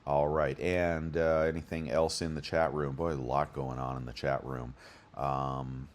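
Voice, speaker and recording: Super deep-voiced guy rambling through deals, lots of uhs. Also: level tone, unhurried. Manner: rambling, chatty, talks through prices with many fillers. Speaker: bullion deals channel host. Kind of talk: casual screen-share commentary.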